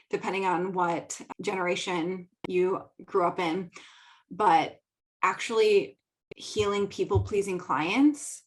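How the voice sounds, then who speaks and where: A woman's voice: medium pitch, poor audio. A young woman from the American Midwest hosting her own podcast, talking casually and giggling between thoughts. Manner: chatty, giggly, filler-heavy. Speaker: podcast host. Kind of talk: casual solo talk. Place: home studio.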